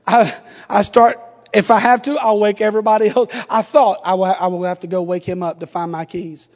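A man in his forties, a pastor preaching a sermon, telling a humorous family story that builds into fervent, shouted appeals. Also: high-pitched, level tone, moderate pace. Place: church sanctuary. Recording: long reverb of a church sanctuary.

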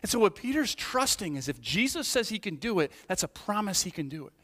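A man preaching with a fairly high voice that drops low and soft, then climbs to emphatic peaks. He restarts often and checks in with the congregation as he goes. His words ring out with a long hall reverb. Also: fairly quick. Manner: animated, swings from hushed to emphatic, frequent restarts and "right?". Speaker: pastor. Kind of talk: sermon.

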